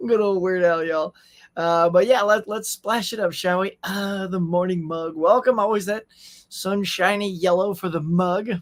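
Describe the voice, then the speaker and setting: A man's voice: high-pitched, a little slow. A man hosts a casual morning livestream, talking easily with his viewers. He reads their messages aloud and answers them in a loose, friendly chat, dropping plenty of y'alls. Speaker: host.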